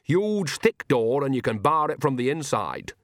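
A man's voice: medium pitch, very animated, moderate pace, a bit bright, no room sound, clean studio sound. A man voicing a cheerful, earthy old woman witch in a storybook reading, chatty and chirpy.

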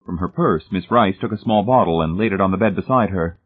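Low husky male narrator, tinny line. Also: a little fast. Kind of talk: audiobook narration. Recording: tinny, phone-like narrow sound.

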